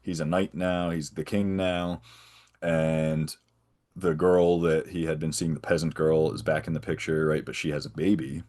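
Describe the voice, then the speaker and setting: A man's voice: very deep voice, flat delivery, normal speed, a little mellow. A man guesting on a podcast, casually retelling a film's plot in a rambling way and often tagging on "right?". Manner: rambling, checks in with frequent "right?". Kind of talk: casual film recap.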